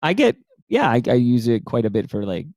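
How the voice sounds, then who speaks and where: A man with a mid-pitched voice co-hosts a casual podcast. He is upbeat and chatty and plugs sponsors with easy enthusiasm. The sound is dry and close to the mic. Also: wildly swooping pitch, brisk, darkish tone, dry recording. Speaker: podcast co-host and producer.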